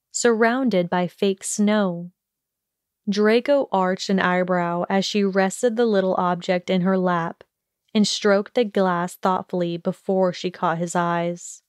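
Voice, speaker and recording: Slow, dry woman narrating an audiobook. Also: mid-range voice, smooth, no room sound. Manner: slow, even storytelling. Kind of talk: scripted narration.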